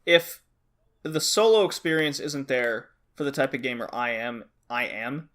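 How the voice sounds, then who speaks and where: A man's voice: medium pitch, unhurried, fairly bright tone. A man co-hosting a podcast, bluntly complaining and swearing in casual chat. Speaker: podcast co-host.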